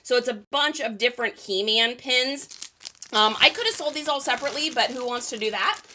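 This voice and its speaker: A woman hosts a casual live stream as she packs up sold items. Her voice sits a little high and rings bright and forward. She chats loosely and laughs often, drifting into side stories. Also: a little fast, slight background noise. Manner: chatty, laughs often, rambling asides. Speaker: reseller hosting a live stream. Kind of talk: casual live-stream chat while packing orders.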